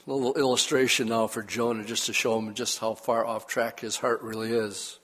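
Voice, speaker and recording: A man's voice: mid-range voice, little pitch movement, a little fast, a bit bright. Older guy preaching, folksy storyteller, reads scripture then chats about his life, punches key words. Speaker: pastor. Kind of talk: sermon.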